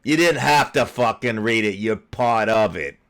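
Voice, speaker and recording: A middle-aged man with a Philadelphia accent rants about politics. He swears constantly and gets heated. His delivery is slow and drawn out. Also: on the low side, fairly bright tone. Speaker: political commentary host. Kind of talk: angry profane rant.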